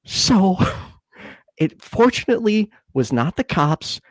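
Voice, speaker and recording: Young man podcast co-host, lively storyteller, dry close mic, jumps into a high voice for quotes. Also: takes it slowly, dry recording. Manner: animated, acts out quotes in a high voice. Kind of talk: casual chat, storytelling.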